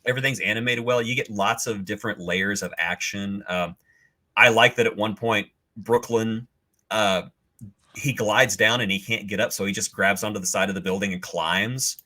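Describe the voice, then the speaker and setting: A man with a low, bright, forceful voice chats casually on a podcast. He talks enthusiastically, teasing about what he won't give away. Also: fairly even intonation, normal speed. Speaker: podcast co-host. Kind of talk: casual chat.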